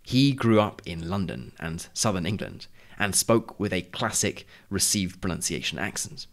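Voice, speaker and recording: Guy reading a scripted lesson, lowish voice, clear and measured. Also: animated. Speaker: podcast host.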